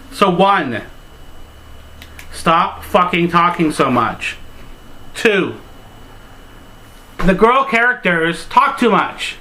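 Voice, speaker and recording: A man's voice: high voice, bright, forceful tone, low-quality recording. A man delivering a crude, exasperated comedy rant as a video reviewer, full of swearing and filler "like"s.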